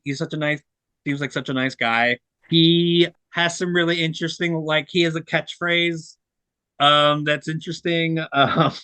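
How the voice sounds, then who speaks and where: Young guy rambling about movies on a podcast, bright voice, dry close sound, lots of ums and likes. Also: on the high side, no echo. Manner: rambling, many fillers and restarts. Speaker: co-host reviewing film releases. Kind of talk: casual podcast chat.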